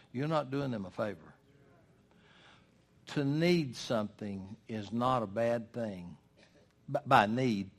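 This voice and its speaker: An older man delivers a sermon in an emphatic, folksy style. His mid-range voice drives each point home and leans on dramatic pauses. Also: medium pitch. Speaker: preacher.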